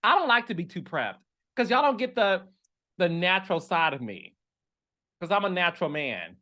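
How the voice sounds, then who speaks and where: A man talks straight to his audience as a reality-TV commentator, chatty and full of dramatic asides. His voice swings widely in pitch as he reacts. The delivery is casual and expressive. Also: normal speed. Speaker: reality TV commentator and podcast host. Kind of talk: casual chat.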